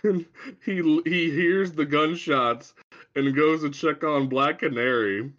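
A man's voice: fairly high pitch, slow pace, fairly bright tone. A man co-hosting a podcast, chatting casually about a comic book in a rambling way. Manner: rambling, quotes lines in put-on voices. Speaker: podcast co-host. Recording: dull lo-fi sound.

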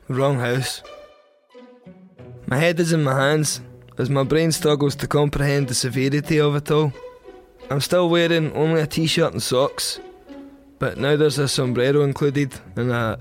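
A young Scottish man telling a crude first-person comic story in a wry, deadpan way. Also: medium pitch. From Scotland. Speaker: podcast storyteller.

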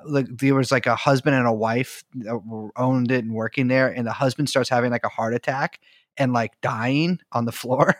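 A man's voice: mid-range voice, fairly bright tone, no echo, studio quality. A man co-hosting a podcast, telling rambling, joking stories in casual chat. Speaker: podcast co-host. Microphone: studio mic with headphones.

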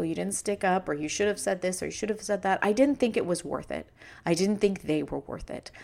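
Middle-aged woman, podcast host, heartfelt and emotional solo talk, mid-range voice. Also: medium pitch. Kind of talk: personal monologue podcast.

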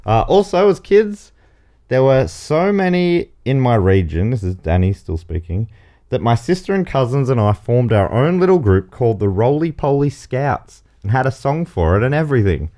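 A man hosts a comedy game show podcast, reading trivia aloud and tossing in jokey asides. His voice moves animatedly up and down in pitch. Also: sing-song, moderate pace, warm tone. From Australia. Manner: playful, reads questions aloud with jokey asides.

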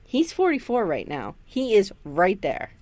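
Woman rambling through a tv recap, pitch jumps all over, swears a lot. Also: a little slow, dry recording. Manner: animated storyteller, acts out quotes, swears freely. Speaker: podcast co-host recapping a TV episode. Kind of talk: casual chat.

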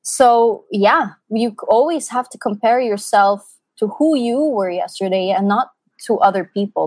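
Earnest, animated mother on a dry mic. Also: fairly high pitch, no room sound. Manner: earnest, animated storytelling with many fillers. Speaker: interview guest. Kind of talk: casual conversational interview.

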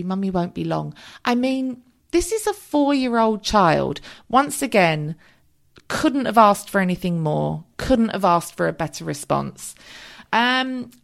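A woman's voice: lowish voice, gravelly. A woman, hosting a casual solo podcast, chatting candidly with frequent ums and casual swearing. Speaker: podcast host.

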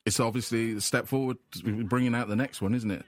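A man's voice: medium pitch, fairly even intonation, fairly quick. A man hosting a casual chat, playfully teasing while counting down a chart. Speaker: host.

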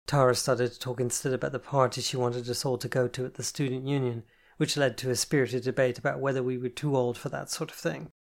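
An audiobook narrator giving first-person novel narration in a soft, even reading. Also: medium pitch, fast talker, vocal fry.

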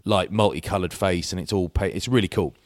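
A middle-aged podcast co-host chats casually, telling rambling anecdotes that keep restarting and interrupting themselves. His voice is low-pitched and brisk, captured in studio quality with no echo.

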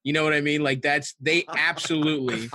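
A man's voice: a little high, steady tone, brisk, bright, forceful tone, no echo. A man from Baltimore telling crude, rambling stories on a podcast and laughing often. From Baltimore, USA. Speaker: podcast guest. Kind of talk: casual podcast chat.

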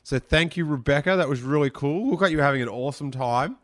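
A man's voice: a little high, fast, dry recording, studio quality. A young man hosting a podcast, answering listener questions in a rambling, chatty, self-amused way. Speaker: podcast host. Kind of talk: casual listener Q&A chat.

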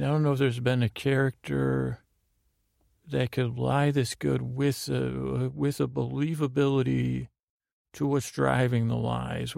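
A man hosting a sleep podcast, giving a meandering, halting bedtime recap full of filler sounds. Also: medium pitch, vocal fry, a little mellow, no room sound, clean studio sound.

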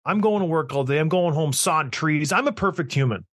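A man hosts a podcast in a blunt, emphatic rant, pushing his points hard and teasing his co-host. His voice sits a little higher than most men's. The sound is dry and close, with no room echo. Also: expressive, fairly quick, a bit bright. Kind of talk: casual opinionated rant.

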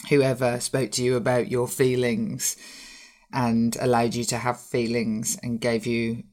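A woman's voice: a bass voice, flat delivery, measured pace, a little mellow. A woman with a Birmingham accent hosting a podcast interview, chatty and often laughing as she talks. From Birmingham, England. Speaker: podcast host. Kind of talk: casual interview chat.

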